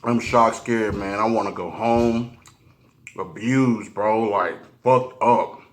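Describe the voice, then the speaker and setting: A man telling a personal story while eating on camera, slangy and profane, often stopping and restarting. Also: fairly low pitch. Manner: halting, restarts a lot. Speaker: mukbang vlogger.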